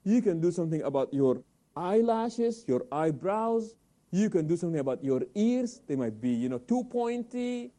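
A man hosting a televised Islamic talk program, animated, answering his own questions and sprinkling in Arabic religious phrases. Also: high voice, moderate pace.

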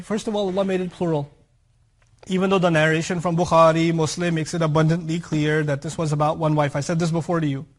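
A man's voice: fairly high pitch, darkish tone, slightly rough. A man teaching a Quran lesson. He explains ideas by contrast and examples, adds humorous asides and keeps checking that listeners follow. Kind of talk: explanatory religious lecture.

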